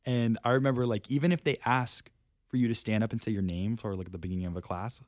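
A young man with a fairly low voice talks casually on a podcast. He tells personal stories in a self-deprecating way, laughing as he goes. The sound is dry and close. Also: fairly even intonation, quick pace, darkish tone, dry recording. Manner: self-deprecating, laughs often, lots of fillers. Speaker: podcast guest. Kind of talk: casual storytelling chat.

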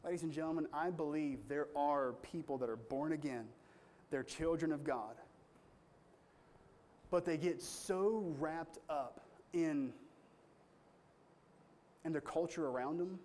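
A man's voice: fairly high pitch, unhurried, long pauses, darkish tone. A man pastor preaching a sermon in an earnest, conversational storytelling way with strong emphasis.

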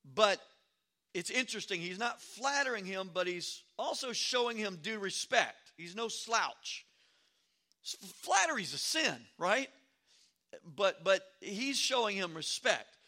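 A male pastor preaching an expository sermon, reading scripture aloud and adding animated, sarcastic asides. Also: high-pitched, unhurried.

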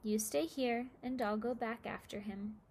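A woman voicing a calm, kindly old man in a storybook reading, speaking softly and reassuringly. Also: fairly high pitch, unhurried.

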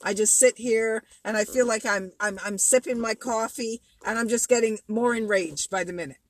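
A woman as an angry customer, fed up and stammering, a bit high-voiced. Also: moderate pace, close to an everyday voice. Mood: exasperated. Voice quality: exasperated, stammering complaints. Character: irate female customer stuck on hold.

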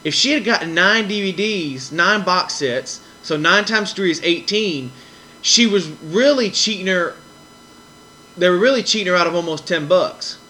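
Casting: male podcast host, bright, forceful voice, rambling storyteller, faint noise behind. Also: sits high, normal speed, rough recording. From American South. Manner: rambling, repeats himself, quotes others in animated voices. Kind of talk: casual storytelling.

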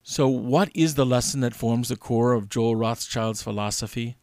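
A male host reading a scripted segment narration in a measured, announcer-like way. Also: medium pitch, a little mellow, dry recording. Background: guitar music.

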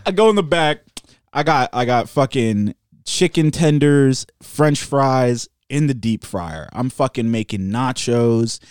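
A young man tells a rude story on a casual podcast and keeps breaking into laughter. His pitch swings all over the place, and the sound is dry and close. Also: no echo. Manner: profane, laughing, animated storyteller. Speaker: podcast co-host.

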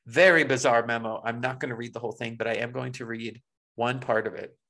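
A man's voice: mid-range voice, steady tone, fairly quick, bright, forceful tone. A man co-hosting a podcast, chatting casually and reading news quotes aloud in a wry, blunt way. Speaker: podcast co-host.

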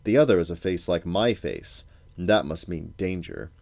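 Dad reads as a deep, cold old storybook king, muttering and demanding. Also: lively intonation, moderate pace, gravelly, darkish tone, dry recording. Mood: brooding. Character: old grim king, menacing and suspicious.

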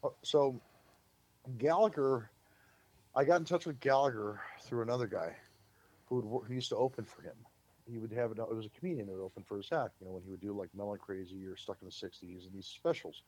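A man, a publicist, telling show-business stories in a lively, casual way on a podcast and acting out what people said. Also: fairly low pitch, brisk, husky. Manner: lively anecdote-teller, acts out quotes.

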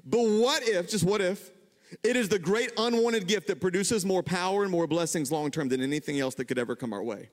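Animated high-voiced preacher in a hall. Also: male voice, brisk. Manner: animated, self-deprecating, jumps in pitch when excited. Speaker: pastor. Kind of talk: sermon with storytelling. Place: church sanctuary. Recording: long hall reverb.

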